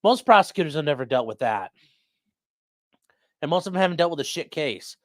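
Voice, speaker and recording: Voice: medium pitch, fairly quick, no room sound, studio quality. A live-stream host chatting casually at home, reading viewer comments aloud, swearing freely, rambling, and soothing a dog between remarks. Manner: animated, profane, rambling, talks to chat and dog. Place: at home indoors.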